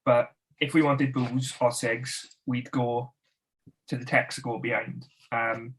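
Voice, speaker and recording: A man's voice: medium pitch, level tone, takes it slowly, a bit bright, poor audio. A man, co-hosting a stream and telling laughing stories about teenage mischief at a shop hatch. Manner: laughing anecdote telling with acted quotes. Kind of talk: casual chat.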